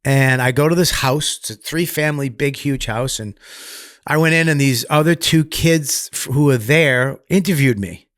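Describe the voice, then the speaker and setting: A middle-aged man tells a raw story from his past in a podcast interview. He swears freely and gets animated, shouting out the lines of the people he remembers. The recording is dry and close. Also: mid-range voice, moderate pace, dry recording. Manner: profane, animated, acts out other people's voices loudly. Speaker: comedian guest. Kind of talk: candid storytelling in conversation.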